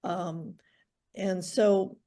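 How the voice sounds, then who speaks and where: A woman's voice: mid-range voice, fairly even intonation, very slow, creaky, dark tone. A woman trainee in a group discussion, giving her opinion hesitantly with frequent restarts.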